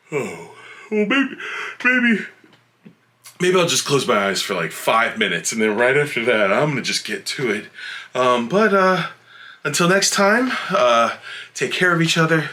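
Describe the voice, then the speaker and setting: A man reading a children's picture book aloud in a playful, animated way, giving the animals little voices, then chatting casually to young viewers. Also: a little high, normal speed. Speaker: children's story reader.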